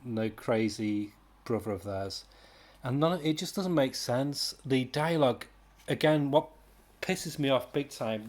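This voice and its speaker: A man's voice: mid-range voice, a little mellow. A British man giving a casual, rambling comic book review, exasperated, with sighs and mocking impressions.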